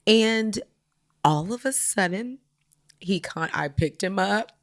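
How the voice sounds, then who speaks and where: A woman guest on a podcast, telling candid family stories in an animated, conversational way that drops to soft whispers when she is moved. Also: mid-range voice, takes it slowly.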